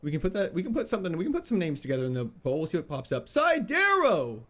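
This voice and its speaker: A man's voice: on the high side, sing-song, rapid-fire, music in the background. A man streaming a video game live, chatting casually and playfully as he reads out chat and laughs often. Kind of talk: casual live gameplay commentary, reading chat.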